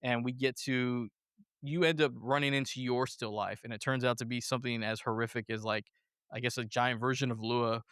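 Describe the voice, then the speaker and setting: A man hosting a casual movie review podcast, animated and laughing often as he acts out quotes. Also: medium pitch, brisk, clear, resonant tone, dry recording, studio quality. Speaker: podcast host.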